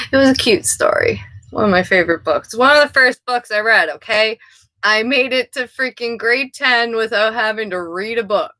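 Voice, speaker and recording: A woman's voice: medium pitch, pushed and bright, dry recording. A woman giving a casual tarot reading who rambles off-topic, swears freely and laughs at herself. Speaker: tarot card reader.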